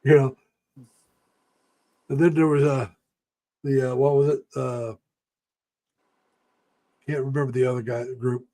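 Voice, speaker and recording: A man's voice: mid-range voice, level tone, unhurried, long pauses, warm tone. An older man hosting a casual live stream, telling rambling, folksy stories about the past and greeting viewers by name. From United States.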